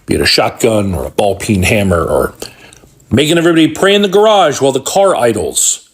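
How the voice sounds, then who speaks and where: A man's voice: medium pitch, big pitch swings, a little fast, breathy edge. A man giving blunt, indignant commentary. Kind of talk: critical commentary.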